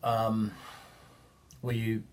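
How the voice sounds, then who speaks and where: A man's voice: lowish voice, monotone, drawn-out words, a loud crowd. A man hosting a podcast in casual chat, asking probing follow-up questions. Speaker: podcast host.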